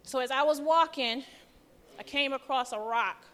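Woman lay preacher, bright higher voice, nervous storyteller, church reverb. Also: moderate pace. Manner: nervous, chatty storytelling with lively quoted voices. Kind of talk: testimony sermon.

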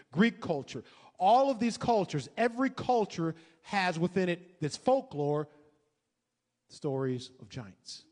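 Man, pastor, sermon, emphatic, rhetorical questions, fairly high voice, echoey church hall.

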